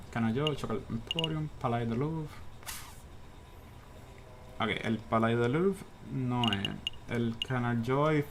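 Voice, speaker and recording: A man's voice: medium pitch, a bit bright, slight background noise. A man streaming a game and chatting casually, switching between languages as he plays. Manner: casual, mixing English and Spanish asides. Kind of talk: game let's play. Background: game music.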